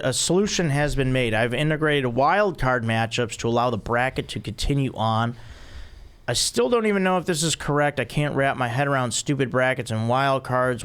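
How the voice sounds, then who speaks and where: A man's voice: mid-range voice, clean tone. A man in his thirties hosting a casual podcast, reading a listener's email aloud with joking asides. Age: 30s. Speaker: podcast host. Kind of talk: casual chat.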